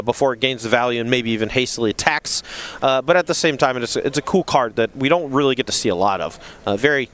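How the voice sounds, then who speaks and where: A man with a Southern US accent doing relaxed, chatty live commentary on a card game match. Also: mid-range voice. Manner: relaxed and chatty, uses many fillers.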